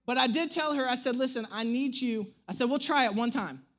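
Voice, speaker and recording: Pastor guy in his 30s, high voice, funny animated sermon story, pokes fun at himself. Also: fairly quick. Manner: storytelling, animated and self-mocking. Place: church stage.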